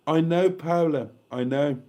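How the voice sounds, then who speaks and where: A man hosting a late-night live stream, tired and a little tipsy, talking slowly and emotionally as he thanks his viewers. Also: fairly high pitch, warm tone.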